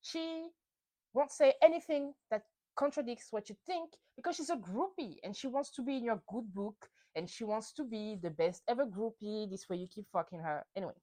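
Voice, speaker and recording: A woman's voice: a little high, moderate pace, warm tone, poor audio. A young woman hosting a solo podcast, recapping reality TV in a heated, profane rant. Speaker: podcast host.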